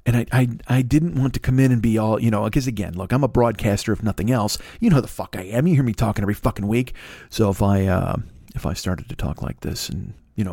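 A man's voice: mid-range voice, expressive, quick pace, a little mellow, no echo, studio quality. A man in his forties hosting a podcast, ranting in a profane, rambling comedic monologue. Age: 40s. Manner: profane, rambling, exasperated rant. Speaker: podcast host.

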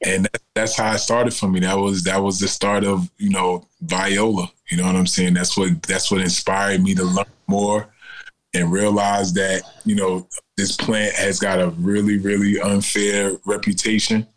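A man's voice: sits low, little pitch movement, normal speed, poor audio. A man in his forties, a guest on an interview show, talking casually and often checking in with "you know what I'm saying". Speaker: guest, cannabis company founder.

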